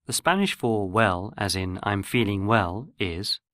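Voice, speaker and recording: Measured man narrating a language lesson. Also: lowish voice, animated, a bit bright, no echo, studio quality. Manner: measured, explanatory.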